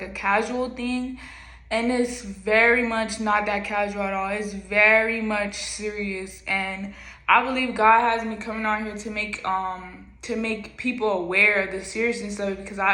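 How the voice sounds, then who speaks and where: A woman's voice: medium pitch, bright, forceful tone. Chatty young woman preaching in an echoey room. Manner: chatty and informal, with many fillers and frequent "like" and "y'all". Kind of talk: casual spoken teaching to camera.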